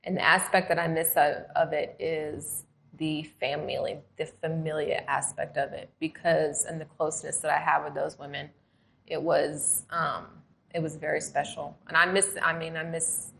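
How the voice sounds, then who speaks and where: A middle-aged woman recounts her past as a guest on a talk show. She tells it in a conversational, animated way, putting on the voices of the people she quotes. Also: sits low, moderate pace, creaky, a little hiss or hum. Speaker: interview guest, former prisoner. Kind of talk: conversational storytelling.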